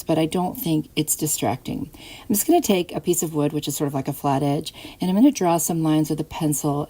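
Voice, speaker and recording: A woman hosting a craft channel, chatting casually through each step of a DIY tutorial voice-over. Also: low-pitched. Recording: soft music behind.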